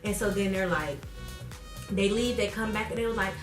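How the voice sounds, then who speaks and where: Animated young woman telling a story in a roomy room. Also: normal speed. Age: young adult. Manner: animated, acts out quotes with big pitch jumps. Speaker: vlogger. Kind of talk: casual storytelling vlog. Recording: roomy echo, voice a bit far from mic, faint music.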